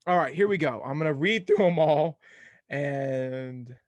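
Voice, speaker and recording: A man's voice: a little high, animated, unhurried, no echo, lo-fi sound. A young man hosting a casual sports podcast, rattling off game results in a jokey, scattered way. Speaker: podcast host.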